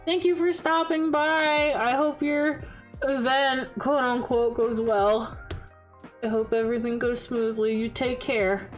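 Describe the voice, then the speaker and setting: A young woman streaming from home, chatting casually with her chat and telling animated stories with swearing and laughter, close to a desk mic. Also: a little high, unhurried, faint music behind, low-quality recording.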